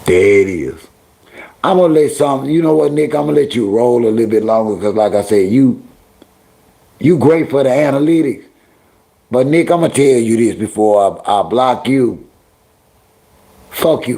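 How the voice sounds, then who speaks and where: Gravelly middle-aged man scolding his chat. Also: mid-range voice, animated, normal speed, mellow. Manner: talks straight to viewers and chat, scolding; heavy slang, drawling repetitions. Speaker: livestream host. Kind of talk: casual livestream commentary.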